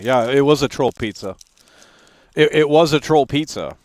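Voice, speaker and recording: A man's voice: mid-range voice, moderate pace, no room sound. A man hosting a live stream, ranting bluntly at his chat and swearing freely. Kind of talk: casual live-stream rant.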